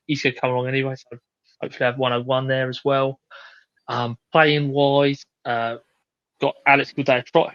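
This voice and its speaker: A man's voice: mid-range voice, a bit bright, dry recording. A laid-back man chatting as a podcast host, swearing freely and wandering through his sentences. His voice sits in a middle register, recorded dry and a little dull. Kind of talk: casual chat.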